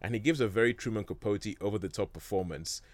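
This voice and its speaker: A man with a lowish voice rambles through a film recap in casual chat, stopping and restarting his sentences. The sound is dry and close, with no room around it. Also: fast, no room sound. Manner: rambling, many fillers and restarts, chuckles often. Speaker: film discussion host. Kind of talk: casual chat about films.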